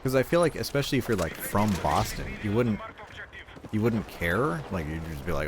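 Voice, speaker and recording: A man's voice: on the low side, very animated, moderate pace, background noise. A man streaming a shooter game, rambling in casual chat, swearing freely, with a neutral accent. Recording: loud gunfire from the game behind voice.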